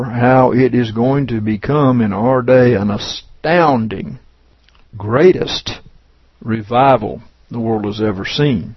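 A man delivers a sermon at a slow, deliberate pace, leaning hard on key words as he teaches from scripture. His voice is gravelly and husky. The recording is dry and dull, with a lo-fi sound. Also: medium pitch, no echo. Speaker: preacher.

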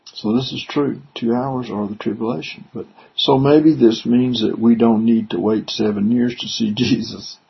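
A man's voice: on the low side, creaky, breathy edge. A man preaching, reading Bible verses aloud and then explaining them in a conversational way. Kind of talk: scripture reading and commentary. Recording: dull lo-fi recording.

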